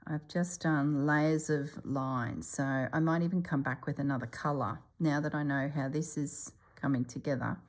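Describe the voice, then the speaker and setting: Low gravelly woman, half-whispered chat. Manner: often drops to a soft whisper. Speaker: stitching channel host. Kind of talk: casual stitching vlog chat.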